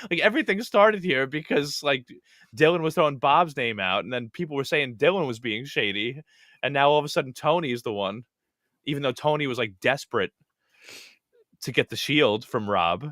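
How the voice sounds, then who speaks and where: A man co-hosting a podcast, recapping a reality show in a rambling, animated way. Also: mid-range voice, a little fast, no room sound, clean studio sound. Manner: rambling, animated, acts out quotes. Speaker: podcast co-host. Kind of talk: casual reality TV recap chat.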